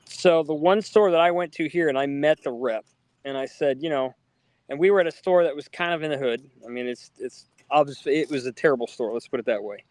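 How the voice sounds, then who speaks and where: A man co-hosting a casual podcast, telling stories in a lively way and acting out the people he quotes. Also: on the high side, brisk, dry recording. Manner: animated storyteller, acts out quoted people. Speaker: podcast co-host. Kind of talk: casual storytelling chat.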